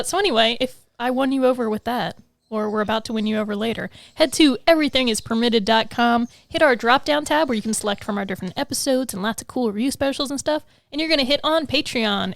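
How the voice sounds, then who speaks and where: A woman's voice: fairly high pitch, creaky, no room sound. A woman co-hosting a podcast in casual, rambling chat, laughing often, recorded on a stand mic in a small studio. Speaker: podcast co-host.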